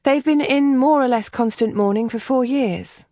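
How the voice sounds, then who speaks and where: A woman reading an audiobook, voicing a gentle, earnest young gentlewoman who chides softly. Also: sits high, normal speed, dry recording, studio quality, voice pushed up.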